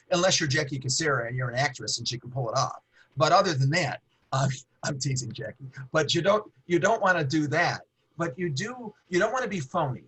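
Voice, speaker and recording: A middle-aged man who talks fast and animated, teaching sales skills on a video call. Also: a little high, breathy edge, poor audio. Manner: fast-talking, animated, with hand gestures. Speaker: guest trainer on a webinar. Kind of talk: casual webinar teaching.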